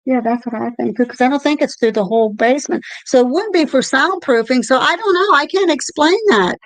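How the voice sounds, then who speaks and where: Middle-aged lady cohost, chatty and animated, kinda high voice, dry sound. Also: brisk, dry recording, poor audio. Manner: animated storytelling, swearing, repeated "I'm there like". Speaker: co-host. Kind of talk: casual chat about paranormal experiences.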